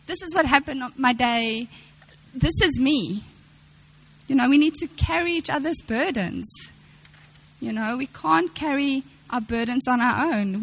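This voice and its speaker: Young woman preacher, high-pitched, earnest and repetitive, acts out quotes mid-sermon. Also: low-quality recording. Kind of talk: sermon to women.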